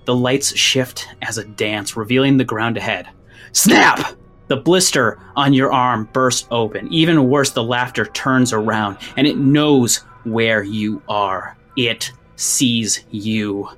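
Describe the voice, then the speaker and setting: A man's voice: mid-range voice, slow, hardly any pauses, a bit bright, soft background music. A man acting as game master, narrating a tabletop game in tense second person, then explaining rules casually.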